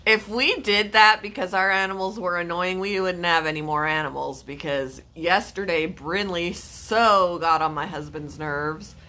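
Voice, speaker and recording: Slow-talking woman with a bright voice. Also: on the low side. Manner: chatty, talks to her pets and to chat viewers. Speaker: live-stream host. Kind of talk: casual live-stream chat.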